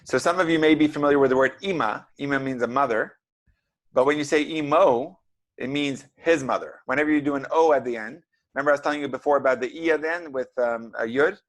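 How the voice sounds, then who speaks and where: Man, reading teacher, medium pitch, patient, encouraging, step-by-step explanations, video call. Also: fast. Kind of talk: online group reading lesson.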